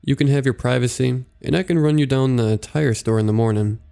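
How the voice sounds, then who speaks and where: A man's voice: mid-range voice, a little fast, vocal fry, warm tone, smooth, close to an everyday voice. A man voicing a folksy male driver with a Southern American drawl.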